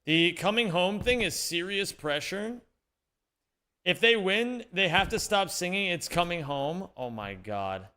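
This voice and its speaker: Lively young male streamer with playful banter. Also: sits high, a little slow. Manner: animated, rambling, jokey banter. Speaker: livestreamer. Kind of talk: casual chat with viewers during a gaming stream.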